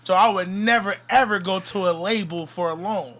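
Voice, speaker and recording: Laid-back swearing man, a bit high. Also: moderate pace, a bit bright, slight background noise. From California. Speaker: rapper guest. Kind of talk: casual podcast chat.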